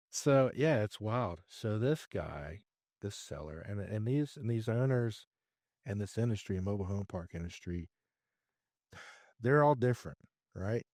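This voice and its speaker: A man as a podcast guest, telling a business story in a lively way and acting out his own dialogue. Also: on the low side, a little slow, pauses often, no echo, studio quality. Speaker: podcast guest, real estate investor. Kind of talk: conversational storytelling interview.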